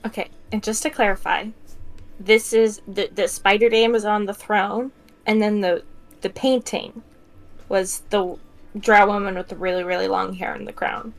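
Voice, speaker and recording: A woman's voice: medium pitch, fairly even intonation, moderate pace, soft background music. A woman player in a tabletop game, talking casually and hesitantly while she checks details. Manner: hesitant, clarifying questions.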